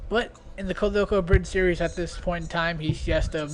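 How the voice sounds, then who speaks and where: A young man giving loose, rambling commentary on his own video, with many pauses and fillers. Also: high-pitched, steady tone, background noise. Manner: rambling, hesitant, full of fillers. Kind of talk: casual commentary.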